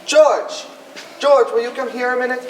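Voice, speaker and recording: A gentle, firm father of the bride, played by a young actress, soothes his daughter. The voice sits in a middle range. It comes from far away on an echoey stage over a noisy hum. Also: mid-range voice, animated, normal speed, close to an everyday voice. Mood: soothing. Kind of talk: live stage acting. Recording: echoey stage sound from a distant mic.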